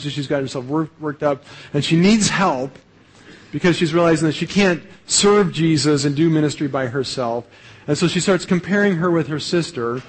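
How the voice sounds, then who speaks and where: Husky-voiced male pastor preaching conversationally. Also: on the high side, rough recording. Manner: conversational preaching, frequent "right?" tags and repeated starts. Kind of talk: sermon.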